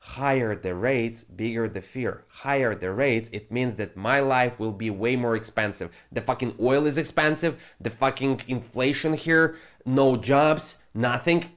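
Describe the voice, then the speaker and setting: A male crypto trading channel host rants profanely and animatedly through market commentary, using non-native phrasing. His voice is medium-pitched, a little slow, with few pauses.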